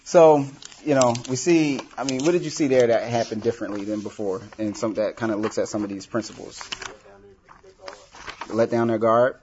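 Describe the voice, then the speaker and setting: A man's voice: mid-range voice, moderate pace, darkish tone, slight background noise. Conversational male workshop leader, lo-fi. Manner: conversational, full of "you know", acts out quoted lines. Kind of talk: casual teaching talk. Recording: dull lo-fi recording.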